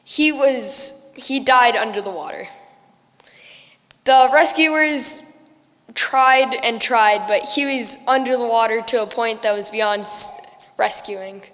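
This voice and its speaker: A young woman telling a story at a school festival in a casual, chatty way, now and then giggling at her own lines. Her voice sits fairly high and carries a long hall reverb, as if from an auditorium stage. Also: takes it slowly, fairly bright tone. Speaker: student storyteller.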